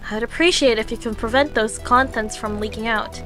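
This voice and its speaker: A formal, worried company head asking politely for help read by a young woman streamer in her own high, bright voice. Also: brisk, faint music behind, lightly acted.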